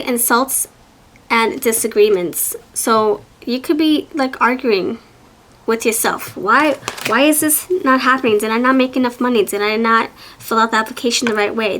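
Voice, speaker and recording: A woman's voice: a little high, fairly bright tone. A woman giving an enthusiastic, encouraging tarot reading to her viewers in a casual, chatty way, with frequent restarts. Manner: enthusiastic, encouraging, many restarts and voiced asides. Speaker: tarot reader.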